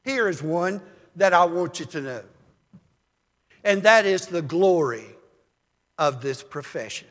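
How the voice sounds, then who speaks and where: An older man preaching a sermon as a pastor, telling folksy stories in a calm, measured way. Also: a little high, long reverb tail.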